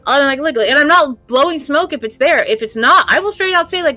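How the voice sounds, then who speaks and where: A woman's voice: high-pitched, expressive, brisk, pushed and bright, soft background music. A middle-aged woman co-hosting a casual podcast, talking bluntly and profanely as a tarot reader.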